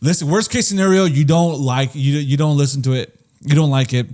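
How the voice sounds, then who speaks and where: A man's voice: a little high, brisk, darkish tone. A man co-hosting a podcast in casual chat, laid-back and profane, calling people bro. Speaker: podcast co-host.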